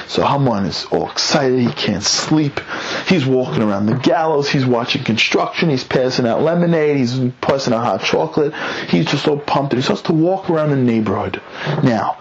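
Man, storytelling lesson, lively and conversational, slightly muffled recording, faint hum. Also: mid-range voice. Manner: lively, conversational, dramatic asides.

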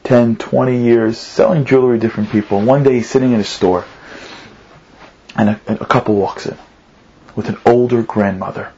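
A man preaching through an animated story, repeating phrases for emphasis. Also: mid-range voice, fairly quick, slightly rough, muffled recording. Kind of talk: storytelling sermon.

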